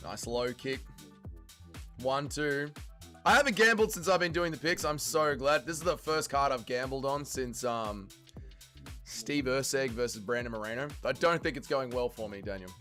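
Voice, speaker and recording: A young man hosting a fight watch-along stream, chatting loosely and swearing freely, sometimes yelling. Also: mid-range voice, moderate pace, faint music behind. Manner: swings from yelling and swearing to laid-back chat. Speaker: livestream host. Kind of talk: casual live fight watch-along chat.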